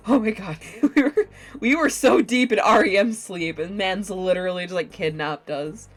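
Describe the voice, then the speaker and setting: A young woman casually commenting on a game with sarcastic jokes and loud exclamations. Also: medium pitch, moderate pace, soft background music. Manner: sarcastic, giggly, exclaims loudly. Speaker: let's play host.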